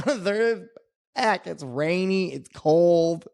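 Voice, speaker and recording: Male comedian guest, slightly high voice, profane and quick to laugh, casual storytelling. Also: expressive, creaky, darkish tone, no room sound, studio quality. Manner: laughs often, swears freely.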